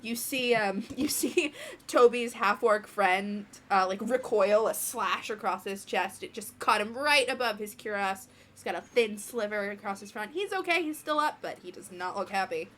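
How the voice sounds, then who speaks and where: A woman's voice: mid-range voice, normal speed. Woman game master narrating a tabletop game. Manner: animated storytelling with frequent fillers.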